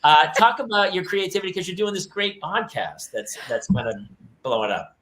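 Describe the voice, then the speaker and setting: A man co-hosting a parenting podcast, telling animated family stories and playing his children's voices. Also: sits high, moderate pace. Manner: animated storyteller, acts out his kids' voices. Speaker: podcast co-host. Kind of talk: casual chat. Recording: roomy echo.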